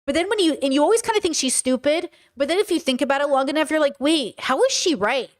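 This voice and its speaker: A woman streamer with a high, bright-pitched voice and a California Valley girl accent talks straight to her chat. She reads viewers' comments aloud and answers them in a chatty run, tagging her points with "okay?" and "you know?". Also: expressive, very fast. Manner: talkative, frequent "okay?" and "you know?" tags; mimics other people's voices and mannerisms. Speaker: streamer and podcast host. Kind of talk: livestream monologue, reading chat aloud.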